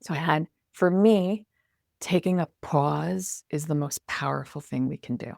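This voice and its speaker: Animated woman with a gravelly low voice. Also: measured pace, no room sound, studio quality. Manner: animated and expressive, acts out inner self-talk. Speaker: podcast guest, communication coach. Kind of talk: conversational interview.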